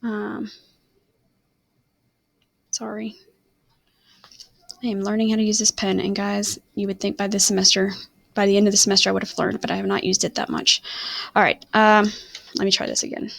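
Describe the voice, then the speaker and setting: A woman's voice: mid-range voice, flat delivery, normal speed, vocal fry, pauses often, a bit bright, no echo. A woman teaching a recorded online lesson, rambling and often stopping to correct herself. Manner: self-correcting, apologetic, rambling. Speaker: Spanish teacher.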